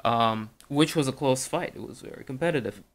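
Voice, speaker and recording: A man co-hosts a casual sports podcast in a measured, easygoing manner. His voice sits at an ordinary middle pitch. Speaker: podcast co-host. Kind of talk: casual chat.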